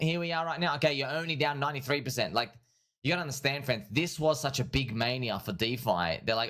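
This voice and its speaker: Male livestream host, mid-pitched voice, excitable and repetitive casual chart commentary. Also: fast talker. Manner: excitable and repetitive, keeps calling the audience friends; laughs at his own points. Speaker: livestream host and crypto trader.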